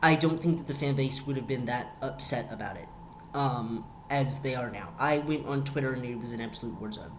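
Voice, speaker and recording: A young man talks through a show review in a loose vlog style, circling back on words and repeating lines for emphasis. His voice sits in a middle pitch. A faint hiss runs under the recording. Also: a little fast.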